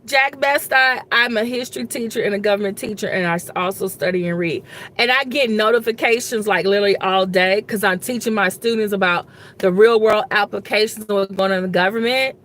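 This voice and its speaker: A woman's voice: mid-range voice, a little fast, fairly bright tone. A woman who teaches history and government, giving casual political commentary straight to her viewers in a rambling, exasperated way, saying "y'all" often. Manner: colloquial, says "y'all".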